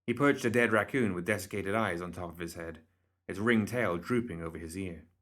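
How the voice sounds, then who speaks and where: A man reading a story aloud as the narrator, in measured, scripted narration. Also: low-pitched, a bit bright. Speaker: reader.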